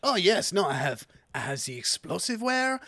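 A man voicing a mustachioed male kiosk merchant with a fake French accent, flattering and salesy. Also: sits high, moderate pace, no room sound, heavily acted.

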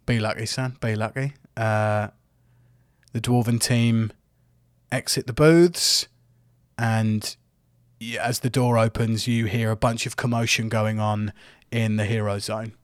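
Man, game master, slow easy delivery, dry sound. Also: lowish voice, no room sound. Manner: relaxed, laid-back narration with fillers. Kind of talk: narrating a tabletop game.

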